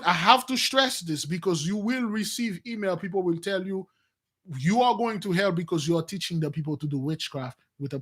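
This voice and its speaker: A man preaching in an animated, free-wheeling monologue. His voice sits high and bright, jumping from loud bursts to hushed mutters. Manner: animated, swings between loud outbursts and low mutters. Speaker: spiritual teacher.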